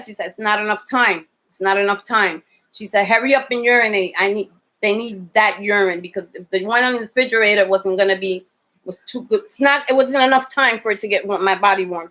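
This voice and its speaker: A woman telling a personal story to the camera in a casual, animated way, acting out the dialogue she quotes and swearing freely. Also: a little high. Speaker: vlogger.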